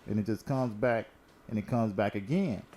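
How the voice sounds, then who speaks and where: A man's voice: lowish voice, moderate pace, warm tone. A man hosting a casual current-events talk, telling stories in a laid-back, slangy and profane way while smoking. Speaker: host.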